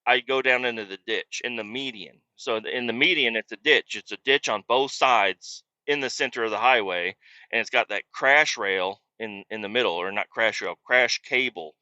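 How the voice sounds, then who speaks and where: A podcast host tells a story in a casual, rambling, profane way, poking fun at himself as he goes. His voice sits at a medium pitch with a sharp tone and a moderate pace. The recording is lo-fi with no echo.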